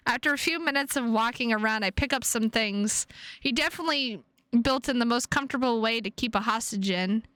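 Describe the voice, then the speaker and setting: A young woman streamer reading a visual novel aloud and chatting, animated and swearing freely with plenty of "like" fillers. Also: fairly high pitch, brisk, dry recording.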